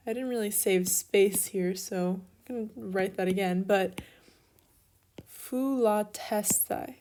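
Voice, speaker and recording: A woman's voice: mid-range voice, fairly even intonation, normal speed, a little mellow, a little hiss or hum. A young woman giving a recorded grammar lesson, explaining each step patiently while she writes out examples. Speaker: teacher.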